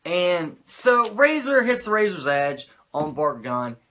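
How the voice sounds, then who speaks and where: A man's voice: sits high, sing-song, slow, pushed and bright, slight background noise. A man who hosts a podcast, giving a casual, profane and rambling recap of a wrestling show with many fillers. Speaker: podcast host.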